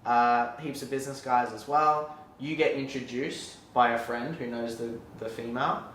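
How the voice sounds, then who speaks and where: A man hosting a casual podcast, easygoing and searching for words as he lays out a situation. His voice sits slightly lower than average, and it carries a roomy echo. A faint ambience hums behind him. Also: normal speed, slight background noise. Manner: relaxed, sets up scenarios with many fillers. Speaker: podcast host. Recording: roomy echo, distant mic.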